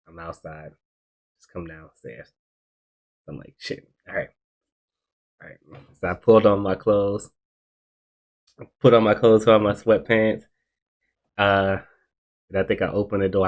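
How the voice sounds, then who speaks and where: Low-voiced young man telling a story. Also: husky. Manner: laid-back, slangy, laughs often. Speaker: podcast host. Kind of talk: casual storytelling.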